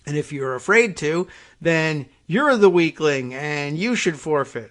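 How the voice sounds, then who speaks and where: Male talk host, wry, rambling, sarcastic asides, slightly higher voice. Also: lively intonation, unhurried, a bit bright. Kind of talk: casual political talk show monologue.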